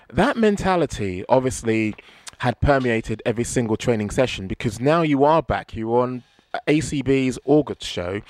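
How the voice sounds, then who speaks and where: A man's voice: mid-range voice, dry recording. A man hosting a podcast, chatting in a playful, teasing way with his co-host and guests. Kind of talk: casual interview chat.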